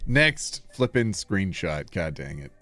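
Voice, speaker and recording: A man streaming live, reading posts aloud and reacting in a casual, animated way, often laughing and putting on mock outrage. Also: low-pitched, slow pace, soft background music.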